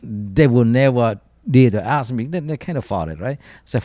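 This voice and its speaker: A man's voice: mid-range voice, animated, normal speed, mellow, no echo. A blunt, profane man speaks broken English with a mid-range voice, close and dry on a podcast mic. He tells stories with a lot of energy and swears freely. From Canada-based chef. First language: not English. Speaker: guest chef. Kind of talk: casual podcast chat.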